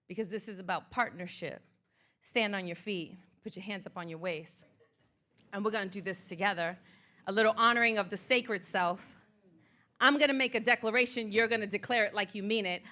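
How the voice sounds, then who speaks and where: In an art museum event space, a motivational speaker leads her audience through rhythmic, declarative affirmations in a live spoken-word performance. She has a mid-range voice that sounds pushed and bright.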